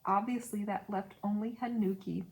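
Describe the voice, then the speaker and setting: Brief: a woman narrating a novel with quick casual commentary. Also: mid-range voice, fairly even intonation, gravelly, low-quality recording. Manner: reads aloud with brief casual asides. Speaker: audiobook reader.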